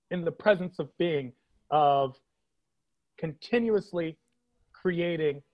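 High-voiced joking comedian man. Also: muffled recording. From Washington, D.C. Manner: playful, jokey, quick asides and put-on voices. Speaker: comedian guest. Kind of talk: riffing podcast interview.

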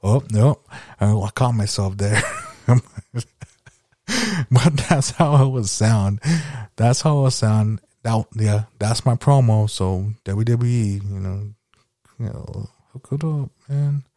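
A man's voice: fairly low pitch, slow pace, warm tone, no echo, clean studio sound. A man hosting a podcast, chatting casually and nostalgically, rambling with lots of fillers and swearing. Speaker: podcast host.

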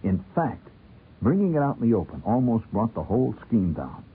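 A man telling a wry, lively first-person story, playing the people in it as he goes. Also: fairly low pitch, moderate pace, breathy edge. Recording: tinny old radio broadcast with faint noise.

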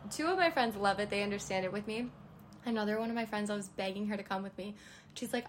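A woman's voice: medium pitch, fast, slight background noise. A young woman hosting a podcast, chatting casually on her own in a rambling way and laughing often. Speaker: podcast host. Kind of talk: casual solo chat.

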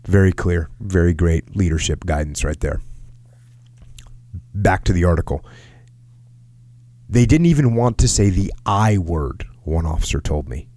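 A middle-aged man with a fairly low voice hosts a casual podcast. He reads aloud from an article and acts out quotes with sudden leaps in pitch. The sound is dry and close to the mic. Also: a little slow, long pauses, no room sound. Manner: animated storyteller, acts out quotes in a raised pitch. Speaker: podcast host.

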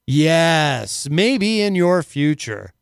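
A man's voice: a little high, big pitch swings, very slow, creaky, clear, resonant tone, no echo, studio quality. A man hosting a casual talk radio show, rambling and full of filler words.

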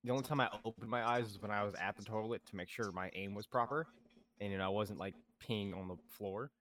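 A young man co-hosting a podcast, telling stories in a casual, animated way, swearing often and acting out what people said. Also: fairly low pitch, fast. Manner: animated storyteller, swears a lot, acts out quotes. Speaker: podcast co-host. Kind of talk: casual chat.

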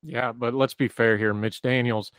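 A man's voice: mid-range voice, steady tone, moderate pace, a bit bright, clean tone, no echo. A man co-hosting a casual political discussion, making wry, knowing asides.

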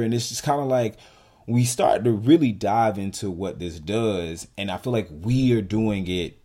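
A man with a fairly low voice holds forth in a casual podcast conversation. He talks in an animated, emphatic way, with his pitch jumping up as he makes a point. His speech is full of "like" and "you know what I'm saying". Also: moderate pace. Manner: animated, emphatic, heavy use of "like" fillers. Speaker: podcast co-host.

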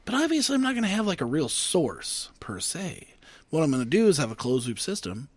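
A man co-hosting a podcast in casual banter, profane and animated as he tells a story. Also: a little high, a little fast, no room sound. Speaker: podcast co-host.

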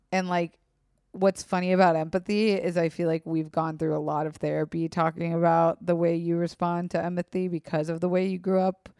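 A woman's voice: lowish voice, darkish tone, clear, resonant tone, no echo, clean studio sound. A woman hosting a podcast, speaking frankly and emotionally about her own life, swearing freely and acting out her own quoted thoughts. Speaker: podcast host. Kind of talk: candid casual podcast talk.

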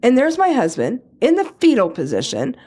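A middle-aged woman co-hosting a podcast, telling a story in a casual chat, swearing freely and acting out the quotes in a higher voice. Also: normal speed, breathy edge. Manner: animated storyteller, acts out quotes with a raised pitch, swears freely. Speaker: podcast co-host.

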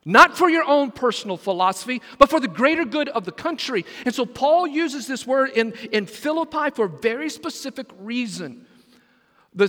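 High-voiced preacher in a reverberant church. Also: male voice. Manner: animated preaching, asks congregation to repeat words. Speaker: senior pastor. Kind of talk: sermon.

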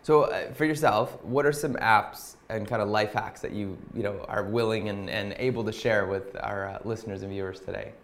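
A man's voice: on the low side, moderate pace, few pauses, a bit bright, a little hiss or hum. A man hosting a podcast in casual conversation, friendly, with frequent affirmations. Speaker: podcast host.

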